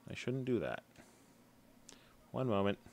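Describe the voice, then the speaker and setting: A man's voice: medium pitch, big pitch swings, a little slow, gravelly, a little mellow, a little hiss or hum. A man live-streaming a video game, chatting casually and humming to himself as he plays. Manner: chatty, hums to himself while playing.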